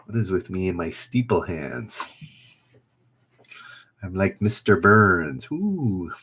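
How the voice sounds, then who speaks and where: This man speaks slowly in a low-pitched, animated voice that's fairly bright and slightly rough. Hosting a casual trivia livestream, he reads out questions, names players, and keeps up chatty, self-mocking banter.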